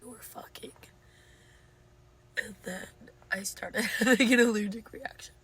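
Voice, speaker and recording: A young woman co-hosting a podcast, telling a story in casual chat, laughing and at times dropping to a low mutter. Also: fairly even intonation, unhurried, a bit bright, a little hiss or hum. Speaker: podcast co-host.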